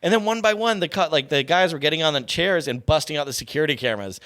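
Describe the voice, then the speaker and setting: A man's voice: on the high side, animated, quick pace, a bit bright. A man telling a wild story on a podcast in a rambling, profane way, laughing as he goes. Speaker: podcast talker. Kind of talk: casual storytelling. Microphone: podcast studio mic.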